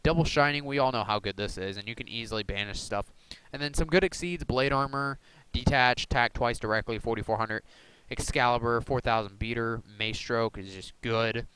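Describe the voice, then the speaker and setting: A man's voice: medium pitch, brisk, pushed and bright, clear, resonant tone, low-quality recording. A young man casually walking through his card deck, rambling with many ums and uhs. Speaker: YouTuber showing a card deck. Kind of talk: casual deck profile talk.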